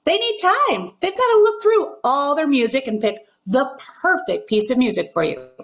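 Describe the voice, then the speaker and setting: A woman with a high, animated voice coaches ballet teachers in an instructional video. Her delivery is emphatic and carefully enunciated, and she speaks as a working ballet pianist. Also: moderate pace, a little hiss or hum.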